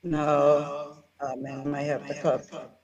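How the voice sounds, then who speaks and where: A woman's voice: low-pitched, level tone, slow pace, crowd noise. A woman with a New Orleans accent calling in, friendly and casual, on a breaking-up phone line. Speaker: caller.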